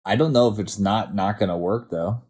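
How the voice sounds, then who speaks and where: Brief: low-voiced young male co-host, dark mellow tone, laid-back and profane. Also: normal speed, breathy edge. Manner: laid-back, short agreeing replies, profane asides. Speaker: podcast co-host. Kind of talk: casual TV episode discussion.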